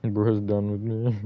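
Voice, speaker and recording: A man livestreaming a building game, rambling as he thinks aloud and swinging between flat, disappointed-sounding talk and bursts of energy. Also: lowish voice, dull audio. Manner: rambling, thinks aloud with fillers and self-corrections. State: short on sleep. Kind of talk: casual livestream chat while gaming.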